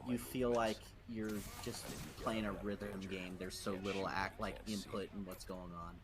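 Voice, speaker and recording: A man chatting casually on a gaming stream, talking fast with lots of fillers. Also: deep voice, steady tone, a crowd in the background. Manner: chatty, many fillers, complains about the game.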